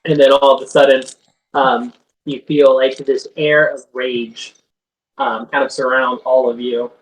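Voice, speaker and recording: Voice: medium pitch, little pitch movement, unhurried, distant mic, a little hiss or hum. Casual game master narrating, roomy sound. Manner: loose, many fillers.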